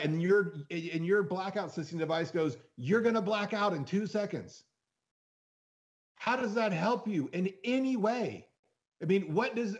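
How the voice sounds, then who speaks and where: A man who is a freediving instructor, talking as a podcast guest in a casual, animated way, often restarting and acting out quoted voices. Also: a little high, dull audio. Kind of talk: casual explanatory podcast talk.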